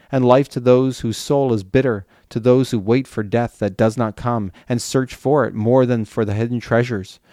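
A man reading the lines of a suffering old man who curses the day he was born, in a solemn, measured way. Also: mid-range voice, darkish tone, dry recording, clean studio sound, lightly acted. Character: suffering old man cursing his birth.

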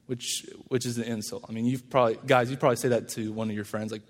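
A man pastor giving a casual, conversational sermon and acting out quoted lines in lively voices. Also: mid-range voice, rapid-fire, few pauses, long reverb tail.

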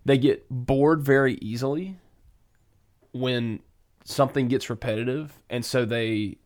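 A man's voice: mid-range voice, fairly even intonation, unhurried, darkish tone. A young man co-hosting a podcast, chatting casually with lots of fillers and self-deprecating asides. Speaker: podcast co-host. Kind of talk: casual chat.

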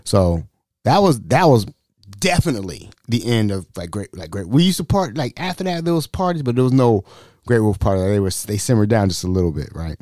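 A man's voice: fairly low pitch, big pitch swings, brisk, a little mellow, dry recording, studio quality. A man hosting a podcast, telling a casual story in slangy speech and acting out the people he quotes. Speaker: podcast host.

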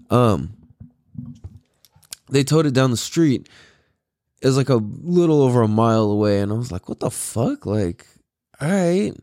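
A man's voice: mid-range voice, a little mellow, dry recording, studio quality. A tired young man hosting his own podcast, rambling in a laid-back way with lots of swearing, fillers and laughs. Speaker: podcast host. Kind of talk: casual solo podcast monologue.

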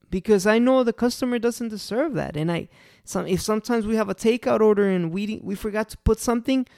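A restaurant owner walks through how to handle unhappy customers, earnest and repeating each key point for emphasis. The voice is gravelly, with a rough fry in it. The recording is dry and close, with no room sound. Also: medium pitch, dry recording. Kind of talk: casual customer-service advice talk.

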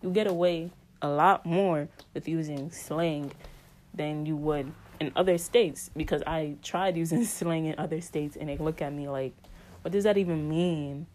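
Podcast host, New York woman with a low, warm voice, casual and rambling, full of slang. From New York City. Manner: rambling, slang-heavy, conversational. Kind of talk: casual monologue and story time.

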